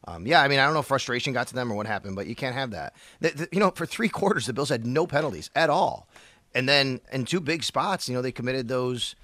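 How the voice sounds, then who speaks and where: A man's voice: mid-range voice, animated, quick pace, sharp tone, no echo. A man on sports talk radio, breaking down the game in a thoughtful, hedging way with many fillers.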